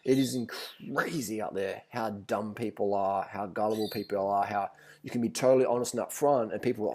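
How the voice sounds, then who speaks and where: A man's voice: lowish voice, brisk, darkish tone. Male vlogger, rambling storyteller, swears freely, blunt and casual.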